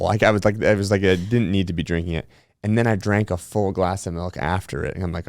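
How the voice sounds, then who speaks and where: A low-voiced man talks fast on a podcast he hosts, and the sound has no echo. He chats candidly and swears freely while telling animated stories in a casual conversation.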